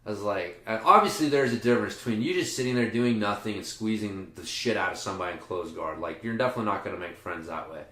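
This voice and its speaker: Talking quickly in a fairly low, fairly bright voice, this podcast host and jiu-jitsu coach chats casually and at length. He rambles, swears, and restarts often, and the recording sounds roomy.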